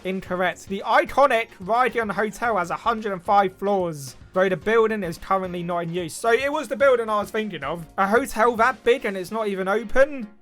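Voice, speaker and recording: A man's voice: sits high, brisk, hardly any pauses, a bit bright, faint music behind. A young British man, probably in his twenties, reads quiz questions aloud and answers them in a wry, joking commentary. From United Kingdom. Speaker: YouTuber taking an online quiz.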